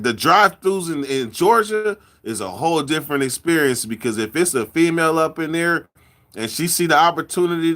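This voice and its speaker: A man from California in a casual chat, telling rambling stories with drawn-out words and lots of repeats. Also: a little high, bright, forceful tone. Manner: loose storytelling, drawn-out words, repeats himself. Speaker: podcast host.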